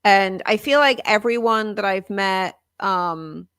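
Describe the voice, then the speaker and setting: A woman from Wales with a softened Welsh accent, co-hosting a casual livestream chat over a video call in a bubbly, gushing way. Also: mid-range voice, slow pace, clean tone, no room sound, clean studio sound. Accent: softened Welsh, leaning British. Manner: bubbly, gushing, laughs often. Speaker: co-host.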